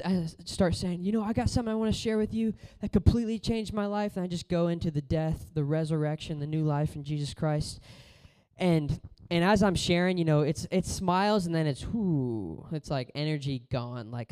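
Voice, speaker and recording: Preaching at a normal speed with a clean tone, this man keeps his sermon casual and story-driven. He moves back and forth between loud urging and soft, low passages.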